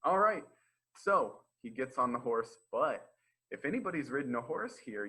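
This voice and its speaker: Bright husky man telling a kids' story. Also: mid-range voice, poor audio. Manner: chatty, asides and questions to children. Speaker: storytime presenter. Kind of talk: children's storytime retelling.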